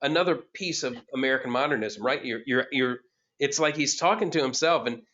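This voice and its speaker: Man teaching poetry, middle-aged, halting speech full of ums and restarts, muffled lo-fi call audio. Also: medium pitch, a bit bright. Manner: thoughtful, halting, many fillers and restarts. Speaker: course instructor. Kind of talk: online class lecture.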